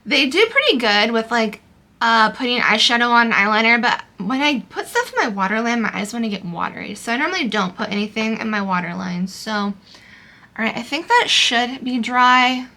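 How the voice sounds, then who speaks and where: A young woman talks her way through a makeup routine in a relaxed, rambling way, full of little fillers. Her voice sits a bit high and sounds bright and forward. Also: normal speed. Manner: chatty, loose, many fillers like "um" and "like". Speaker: beauty vlogger. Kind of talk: casual makeup tutorial chat.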